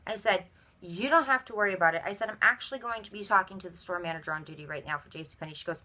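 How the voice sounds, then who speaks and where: Bright-voiced woman telling an indignant story. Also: medium pitch, fast talker. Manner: animated, acts out both sides of dialogue. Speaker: vlogger. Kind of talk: storytelling rant.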